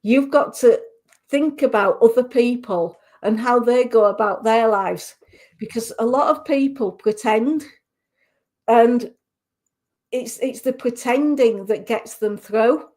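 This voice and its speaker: A woman giving a psychic reading to a caller on a radio show, talking haltingly with many restarts and fillers. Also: fairly high pitch, a little mellow.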